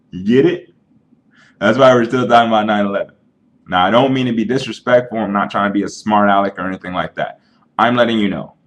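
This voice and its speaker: Earnest lowish-voiced man ranting on webcam. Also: a bit bright. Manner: earnest, argumentative, explains with analogies. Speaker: vlogger. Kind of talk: casual webcam rant.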